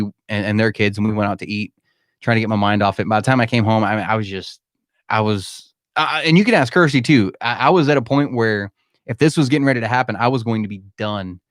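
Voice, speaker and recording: Broadcasting a live-stream Q&A from his home, this podcast host talks with candor and emphasis, calling his listeners "man." His voice is on the low side. The sound is studio quality with no echo.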